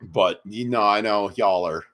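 A man's voice: fairly low pitch, measured pace, fairly bright tone. A man co-hosting a podcast in loose, rambling casual chat, often repeating words as he restarts. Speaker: podcast co-host.

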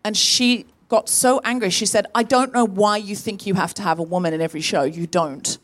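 Woman on stage at a live comedy podcast, animated storyteller, pitch leaping up when she plays other people. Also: fairly quick. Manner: lively, animated storyteller who acts out quoted people. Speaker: podcast host. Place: on stage in a tent before a live audience.

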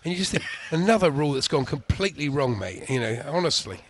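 A man's voice: fairly high pitch, expressive, fast talker. A man co-hosting a casual radio chat, telling stories in a chatty way and laughing often. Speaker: co-host.

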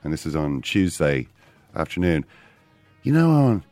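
A man with an Irish accent co-hosting a casual sports podcast, lively and often quoting others. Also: very deep voice, normal speed, dry recording, soft background music. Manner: animated, quotes others in put-on voices. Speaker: podcast co-host.

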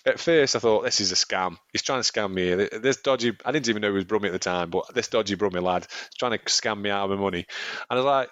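Chatty low-voiced man on a podcast. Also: quick pace, fairly bright tone, no echo, lo-fi sound. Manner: chatty, rambling, laughs often. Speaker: podcast co-host. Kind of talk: casual chat.

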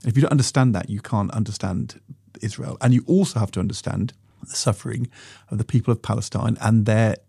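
A middle-aged man co-hosting a political podcast, talking in a measured, nuanced way and recounting anecdotes. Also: on the low side, vocal fry, warm tone, breathy edge, no room sound, studio quality. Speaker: podcast co-host, former minister.

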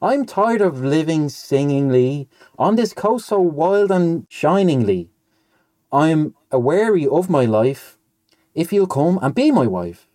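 A wistful, tearful lady answers in a lilting, raised voice, as a man puts her on while reading a nonsense poem. Her tone swoops about with a soft, mellow colour, close and dry to the mic. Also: on the high side, very animated, takes it slowly, no echo, voice pushed up. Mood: pleading. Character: wistful lady, sad, woman.

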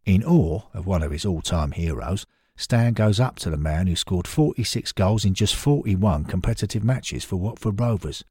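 Low expressive male storyteller. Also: moderate pace, breathy edge, no room sound, studio quality. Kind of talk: scripted narration.

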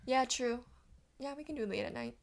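A woman's voice: fairly high pitch, expressive, moderate pace, creaky. A woman guesting on a friend's podcast, chatting casually and teasing lightly. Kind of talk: casual chat.

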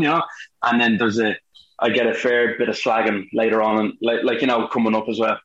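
An Irish actor, interviewed as a guest, chats casually and animatedly, acting out the quotes in his stories. His medium-pitched voice moves at a normal speed, and the audio is dull and reverberant.

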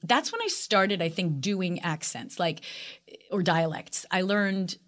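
A middle-aged woman with a Long Island accent, chatting as an actress guest in a casual interview, animated and full of fillers. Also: fairly low pitch, takes it slowly. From Long Island, New York.

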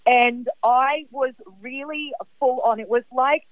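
A woman's voice: high voice, slow pace, no room sound. Chatty woman caller on a tinny phone line. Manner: animated and chatty, heavy on "like" fillers. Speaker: caller sharing a personal story. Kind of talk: casual storytelling.

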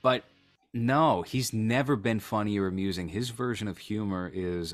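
A man with a very deep voice talks casually with a co-host. His remarks are dry and sarcastic, tossed off in a relaxed chat. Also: normal speed, faint music behind. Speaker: podcast co-host. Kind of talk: casual chat reacting to a video.

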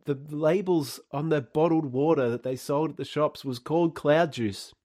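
A man's voice: fairly high pitch, moderate pace, dark tone, dry recording. A man co-hosting a podcast in casual chat, with a dry, teasing, sarcastic manner. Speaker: podcast co-host.

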